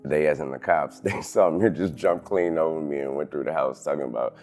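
A man in his thirties, an interview guest telling a painful personal story in halting sentences full of restarts. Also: rumbling low, fairly even intonation, faint music behind. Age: 30s. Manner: halting, restarts sentences, loud when quoting others.

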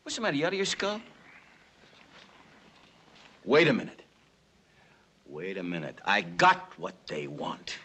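An actor playing a cocky gangster bootlegger in a 1960s film, talking in tough street slang. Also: male voice, lowish voice, huge pitch swings, unhurried, pauses often, pushed and bright, slightly rough, full character voice. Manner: tough street slang, pleading then defiant.

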